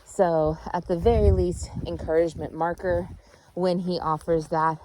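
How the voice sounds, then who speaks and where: A woman's voice: on the low side, fairly even intonation, moderate pace, warm tone, slight background noise, rough recording. A young woman dog trainer, speaking outdoors on a walk, patiently explaining her steps and checking in with "right?".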